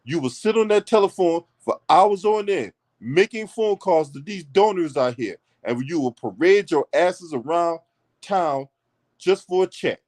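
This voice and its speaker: In a heated political rant, a man with a fairly high voice swears constantly, blunt and mocking as he addresses his audience directly. He sounds expressive, with a darkish tone, and speaks a little slowly.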